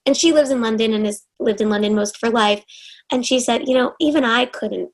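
A woman's voice: fairly high pitch, brisk, rough recording. A woman in her twenties from Los Angeles, an actress telling an interviewer an earnest, effusive story and often restarting her sentences. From Los Angeles, USA. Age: 20s.

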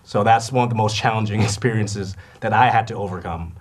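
Young actor guest from Canada, low-voiced, animated storyteller who plays out quotes. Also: male voice, brisk. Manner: lively storyteller who acts out quoted voices and laughs often. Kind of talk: animated anecdote telling.

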